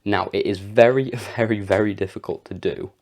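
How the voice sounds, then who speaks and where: Gravelly low-voiced young man. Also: steady tone, normal speed, a little mellow. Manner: rambling and chatty, with frequent fillers and laughs. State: sore throat, coughing. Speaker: vlogger. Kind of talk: casual motivational talk to camera.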